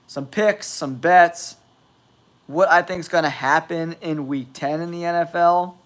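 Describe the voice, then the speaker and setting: A man with a nasal voice from a cold, hosting a live football stream with blunt, exasperated commentary. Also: fairly high pitch. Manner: blunt, exasperated trash talk. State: has a cold.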